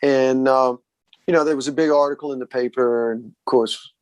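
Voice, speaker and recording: A man's voice: mid-range voice, moderate pace, smooth, no room sound. Laid-back Southern man telling stories. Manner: relaxed, says "man" a lot, acts out quoted voices. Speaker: guest musician. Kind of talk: casual storytelling interview.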